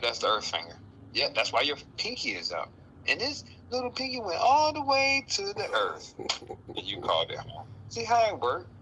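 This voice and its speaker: A man giving a casual spiritual talk, playful and animated, often acting out other people's voices. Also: lowish voice, husky, rough recording. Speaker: guest speaker.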